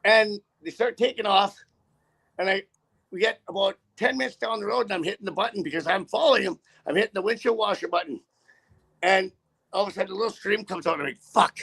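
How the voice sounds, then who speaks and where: Blunt profane trucker, high gravelly voice. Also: male voice, fast, a bit bright. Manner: blunt, profane, rambling with restarts. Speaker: truck driver. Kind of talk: casual on-camera chat.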